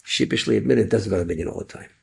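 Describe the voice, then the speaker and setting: A man telling an inspirational story in animated storytelling, sprinkling Yiddish and Hebrew words. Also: fairly low pitch, very fast, creaky, slightly rough.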